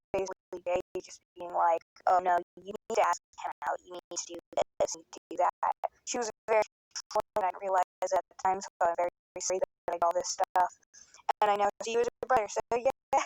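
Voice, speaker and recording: A teenage girl, medium-pitched, records a casual storytime monologue on her phone. She rambles emotionally, swears a lot and chokes up at moments, tearful at times. The recording is low quality with no echo.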